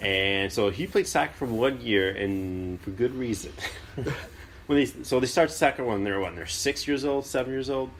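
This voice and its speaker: A man's voice: mid-range voice, moderate pace, a little hiss or hum. A man co-hosting a casual podcast chat, telling an anecdote and laughing as he goes. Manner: storytelling, laughs through anecdotes, animated when mimicking his dad. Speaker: podcast co-host.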